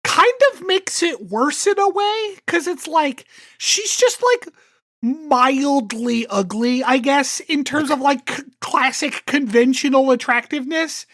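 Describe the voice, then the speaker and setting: Sarcastic woman with a higher voice. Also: measured pace, fairly bright tone. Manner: sarcastic, blunt, swears freely. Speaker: podcast co-host. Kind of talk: casual chat.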